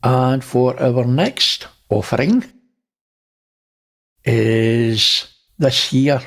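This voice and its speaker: A man's voice: mid-range voice, extremely slow, fairly bright tone. A man hosting, casually talking through images and pointing things out. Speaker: host. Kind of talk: casual narration over images.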